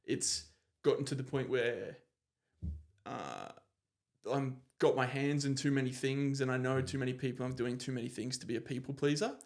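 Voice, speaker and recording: A man hosting a podcast, talking reflectively and often pausing to search for words. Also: mid-range voice. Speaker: podcast host. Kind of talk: casual conversation.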